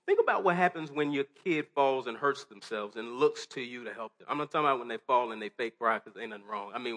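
This preacher addresses a congregation in a church hall, speaking earnestly and conversationally with restarts and rhetorical questions. His mid-range voice sounds pushed and bright.

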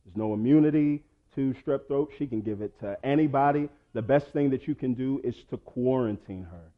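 A pastor preaching a sermon, swinging between loud urging and low quiet asides. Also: male voice, normal speed, narrow, tinny audio.

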